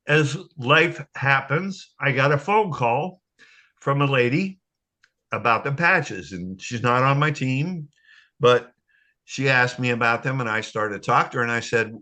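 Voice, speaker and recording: An older man telling a personal testimony on a video call, halting and choked with emotion. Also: mid-range voice, animated, bright, forceful tone. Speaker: guest sharing a testimony.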